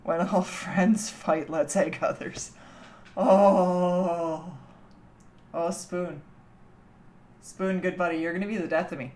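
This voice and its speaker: Canadian gal streaming from home, kinda low voice, slow and easy, laughs a lot. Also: female voice, steady tone, darkish tone. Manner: chatty, laughs often, teasing. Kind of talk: casual chat with a livestream chat.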